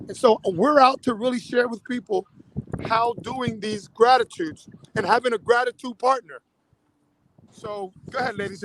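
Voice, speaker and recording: A man, a spiritual fitness coach, telling a personal story in a panel discussion, animated and full of restarts. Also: extremely high pitch, a little hiss or hum, low-quality recording.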